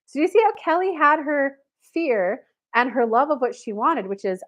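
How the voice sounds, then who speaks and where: A woman spiritual coach tells a story on her livestream and speaks of herself in the third person. She acts out each quoted person, so her voice jumps up and down with plenty of energy. Her voice sits a little higher than most women's. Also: lively intonation, moderate pace, few pauses, a bit bright.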